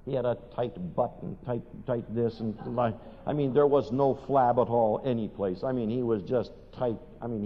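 An older man preaching a sermon, telling funny stories in an animated way and putting questions to his listeners. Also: medium pitch. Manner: animated storytelling, asks the audience questions. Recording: dull recording in a long-reverb hall.

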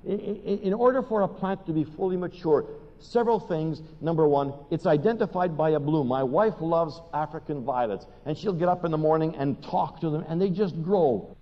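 An older man preaching a sermon, telling funny stories in an animated way and putting questions to his listeners. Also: fairly high pitch, fairly quick. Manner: animated storytelling, asks the audience questions. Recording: dull recording in a long-reverb hall.

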